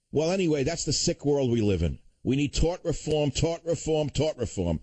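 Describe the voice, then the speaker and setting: A man's voice: medium pitch, darkish tone, no echo. An older man hosting a talk radio show, ranting with sarcastic indignation and then turning somber. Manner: indignant, sarcastic, swings between outrage and somber. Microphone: studio microphone.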